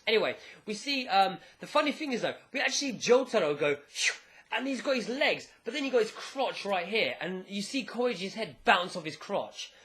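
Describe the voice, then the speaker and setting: Fired-up guy from england reviewing stuff, bright tense voice, swings up and down a lot. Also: high-pitched, a little fast, hardly any pauses. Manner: animated, excitable, casually profane. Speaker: anime reviewer. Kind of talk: casual video review.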